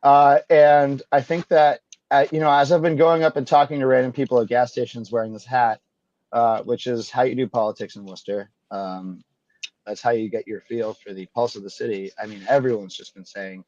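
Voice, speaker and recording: A man's voice: mid-range voice, steady tone, brisk, a little mellow, lo-fi sound. A man co-hosting a casual comedy podcast, trading sarcastic commentary and mock impressions. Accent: Massachusetts. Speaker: podcast co-host.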